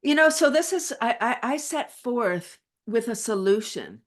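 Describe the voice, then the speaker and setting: A woman's voice: fairly high pitch, lively intonation, a little slow. A middle-aged woman from Canada, a wellness advocate guest, chatting energetically in an interview and laughing often as she tells playful stories. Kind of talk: casual interview chat.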